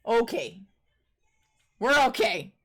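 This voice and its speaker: Excitable, high-voiced young woman streamer. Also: gravelly, husky. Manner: excitable, laughing, swears freely. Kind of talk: casual gaming commentary.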